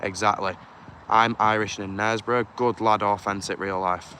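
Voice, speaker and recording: Low-voiced man livestreaming outdoors. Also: steady tone, normal speed. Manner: chatty, quietly conspiratorial, reads comments aloud. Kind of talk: live outdoor stream reading chat comments. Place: outdoor car park at night. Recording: clear outdoor urban noise.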